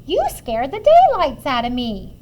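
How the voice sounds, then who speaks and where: A woman's voice: sits high, big pitch swings, measured pace, a bit bright, slight background noise, full character voice. A woman voicing a tiny, sweet old woman who is easily startled but firm, exclaiming and scolding in a storybook reading. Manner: gasping exclamations, scolding when stern.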